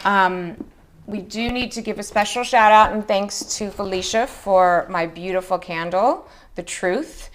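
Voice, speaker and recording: A woman in her forties hosting a live skincare chat, talking in an emotional, chatty way, her voice jumping high when she greets viewers. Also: unhurried. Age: 40s. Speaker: beauty show host.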